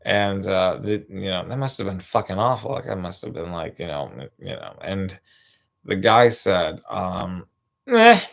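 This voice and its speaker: Low gravelly guy rambling through a stand-up bit, swearing, restarting his sentences. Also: normal speed. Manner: rambling, profane, full of restarts. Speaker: stand-up comedian. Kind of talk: stand-up storytelling.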